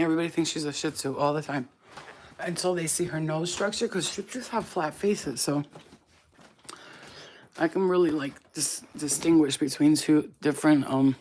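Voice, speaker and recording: Woman, spiritual reader, casual pep talk, blunt, profane, animated, faint background noise. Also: low-pitched.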